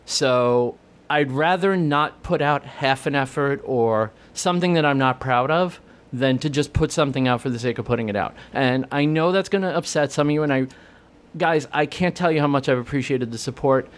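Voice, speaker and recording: A man's voice: medium pitch, normal speed. A man hosting a podcast in casual chat, emotional and choked up, laughing through near-tears. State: voice breaking with emotion. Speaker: podcast host.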